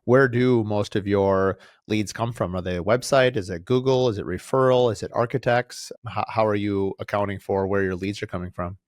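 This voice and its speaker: A man hosting an interview podcast, asking careful follow-up questions that dig into the details. His voice sits on the lower side and comes through dry and close, with no room sound around it. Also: steady tone, moderate pace, hardly any pauses, no echo. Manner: thoughtful, probing follow-up questions. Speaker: podcast host.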